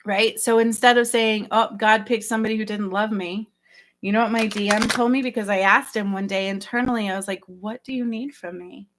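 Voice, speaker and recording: A middle-aged woman speaks earnestly on a livestream, addressing her viewers directly as a spiritual healer. Her pitch sits in the middle of the range. She circles back over her points and keeps asking whether they follow. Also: fairly even intonation, fairly quick, slight background noise.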